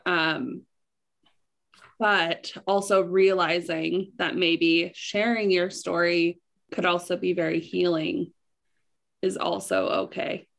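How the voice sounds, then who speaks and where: A woman's voice: fairly low pitch, flat delivery, slow, a bit bright. A young adult woman co-hosting a podcast, chatting candidly with lots of "like" fillers. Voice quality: gravelly vocal fry. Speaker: podcast co-host. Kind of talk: casual chat.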